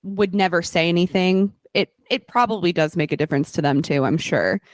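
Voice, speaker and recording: A woman's voice: lowish voice, expressive, no room sound, studio quality. A woman who hosts a podcast and teaches, chatting casually and reacting supportively. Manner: warm supportive listener, quick reactions. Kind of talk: casual chat.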